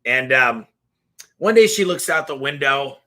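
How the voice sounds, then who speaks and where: A man's voice: mid-range voice, lively intonation, a little slow, pushed and bright. A man hosting a live Q&A, talking casually and passionately, telling stories with lots of energy and the odd swear word. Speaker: business owner hosting a live Q&A. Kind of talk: casual live-stream talk and storytelling.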